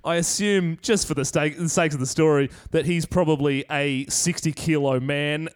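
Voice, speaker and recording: An Australian man co-hosting a casual comedy podcast, telling stories with frequent laughter and gruff quoted voices. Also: a little high, fairly even intonation, normal speed. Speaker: podcast co-host.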